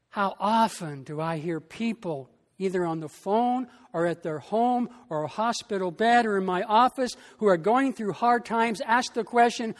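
Pastor giving a sermon, slow and emphatic, mid-pitched voice, lots of reverb. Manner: slow, emphatic preaching with long pauses.

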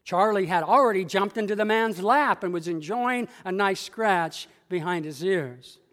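Pastor telling a story sermon in a reverberant church. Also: male voice, sits high, fairly bright tone. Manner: measured, dramatic storytelling.

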